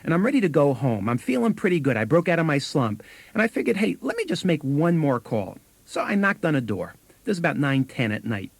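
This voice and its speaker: A man's voice: a little high, sing-song, fast talker, slightly rough, dry recording. A man co-hosting a sales training tape, telling anecdotes with acted quotes and chuckles.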